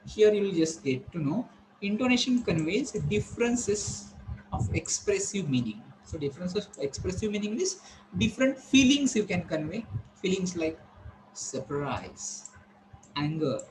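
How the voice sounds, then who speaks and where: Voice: medium pitch, lively intonation, measured pace, a little hiss or hum, poor audio. Teacher, voice goes up and down a lot, asks the class questions and says it again another way. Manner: repeats and rephrases, asks the class rhetorical questions. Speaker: college lecturer. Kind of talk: online class lecture.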